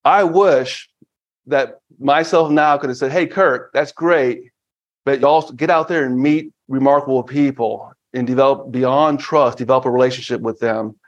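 A man in his fifties, a guest on a business podcast, talking casually and with energy, often breaking into excited quoted asides. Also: mid-range voice, normal speed. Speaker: podcast guest, finance firm founder. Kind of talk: casual interview talk. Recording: slightly dull lo-fi audio.

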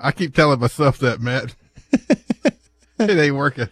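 A man's voice: mid-range voice, lively intonation, measured pace, fairly bright tone, no room sound. A man co-hosting a radio talk show, trading dry wisecracks. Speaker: radio co-host.

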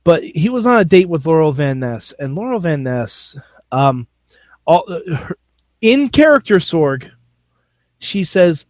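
A man co-hosting a podcast, recapping a wrestling show in casual, animated, jokey chat and laughing often. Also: on the high side, unhurried, dry recording.

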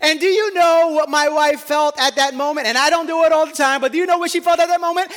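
Male pastor, middle-aged, from new york, animated storytelling sermon, high voice, long hall reverb. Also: quick pace, hardly any pauses, some chatter behind. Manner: storytelling, animated, self-deprecating.

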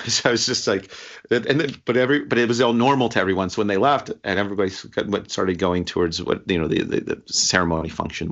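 A man telling a personal story in casual conversation, halting and restarting often and laughing as he talks. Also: lowish voice, a bit bright. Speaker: guest sharing a story. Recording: dull lo-fi sound.

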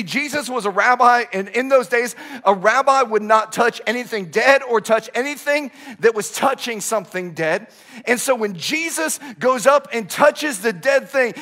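A young adult male pastor preaching a sermon, telling stories with animated swings from loud outbursts to hushed asides. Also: very high-pitched.

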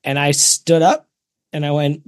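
A man hosting a podcast, telling relaxed stories and laughing as he goes. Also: a little high, measured pace, smooth, dry recording, studio quality. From Canada. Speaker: podcast host. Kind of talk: casual podcast chat.

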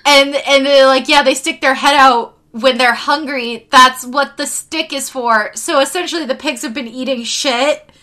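A high-voiced woman chatting casually on a podcast, her tone bright and sharp. She sounds exasperated, swears freely and acts out lines as she recaps. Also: fairly even intonation, normal speed, few pauses. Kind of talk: casual chat recapping an anime.

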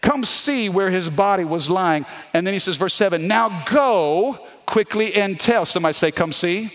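Southern preacher with a Louisiana accent. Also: male voice, high voice, normal speed. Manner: emphatic preaching with call-and-response to the congregation. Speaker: pastor. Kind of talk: sermon.

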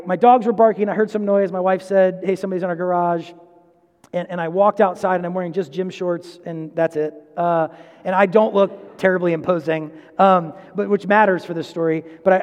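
A male pastor with a high, darkish voice preaches a sermon in a large hall. He tells a personal story conversationally, full of asides and self-corrections.

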